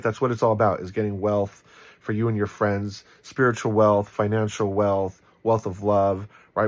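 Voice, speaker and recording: A man giving casual Bible commentary in a relaxed, rambling way, full of ums and likes, with a warm, encouraging tone. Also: fairly low pitch.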